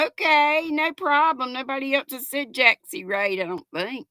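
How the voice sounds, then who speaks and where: A woman's voice: high-pitched, moderate pace, bright, forceful tone, dry recording, clean studio sound. An older woman hosts a casual livestream, reading viewers' chat in a giggly, folksy way. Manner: chatty, giggly, folksy, talks to viewers as "y'all". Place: at home.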